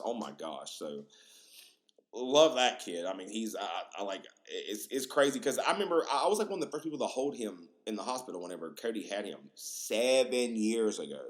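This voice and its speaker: A young man hosting a podcast, telling stories in a rambling, slangy way with lots of fillers and crude jokes. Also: on the low side. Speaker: podcast host. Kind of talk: casual storytelling monologue.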